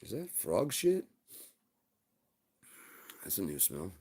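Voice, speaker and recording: A man's voice: low-pitched, huge pitch swings, takes it slowly, mellow, slightly rough, pitched above the performer's own voice, full character voice. A man voicing a cranky, foul-mouthed small male pet dog who gripes and swears. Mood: fed up. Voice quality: profane, griping.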